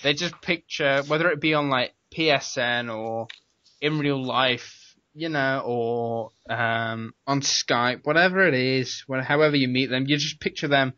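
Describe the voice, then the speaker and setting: A young man with a British accent talks in a loose, rambling way, laughing often as he co-hosts a casual gaming podcast. His voice is bright and forward. The recording is dry and a little dull, like a home computer mic. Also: medium pitch, unhurried, no room sound. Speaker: podcast co-host. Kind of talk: casual chat.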